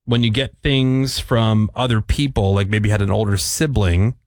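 A man's voice: fairly low pitch, fairly even intonation, moderate pace, no echo, clean studio sound. Breezy male radio host. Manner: quizzing co-hosts, breezy. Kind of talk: morning radio banter.

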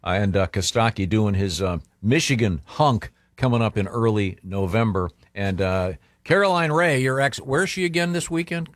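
A man hosting a live radio show, introducing segments haltingly with many fillers. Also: fairly low pitch, no echo, studio quality.

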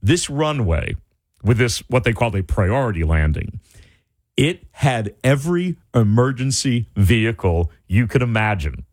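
Animated man telling a story. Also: medium pitch, unhurried, no echo, clean studio sound. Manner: animated, wide-ranging delivery, lots of "like" and restarts. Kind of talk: casual storytelling.

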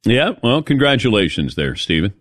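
On a sports talk radio show, a male host takes calls and delivers lively, opinionated takes. His voice is on the low side at a moderate pace, recorded with clean studio sound and no echo.

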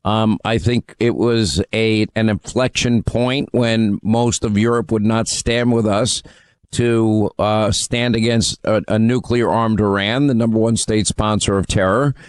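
A man's voice: lowish voice, steady tone, unhurried, smooth, no echo. A man hosting a call-in radio talk show, emphatic and opinionated as he takes callers.

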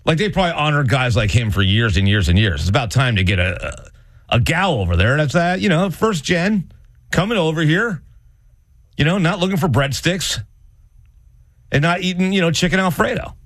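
Teasing male radio host, slightly high and very animated voice, dry close sound. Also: moderate pace, no echo. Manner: teasing, needling. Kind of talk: casual radio banter.

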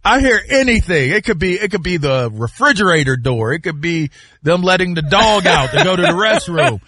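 Brief: man, fairly high and bright, very animated storyteller, dry sound. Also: normal speed, dry recording. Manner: animated storyteller, loud sudden shouts. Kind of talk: casual chat.

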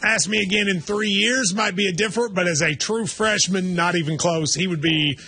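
A man's voice: high voice, normal speed, sharp tone, slightly rough, dry recording. A man co-hosting a sports talk show, giving firm, opinionated picks. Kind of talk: radio sports chat.

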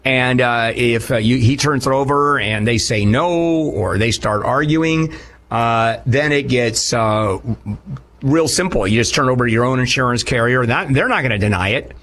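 A man's voice: mid-range voice, moderate pace, a bit bright. An older man hosting a legal call-in radio show, speaking emphatically with many fillers and repeating his points. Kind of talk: call-in advice and live ad read.

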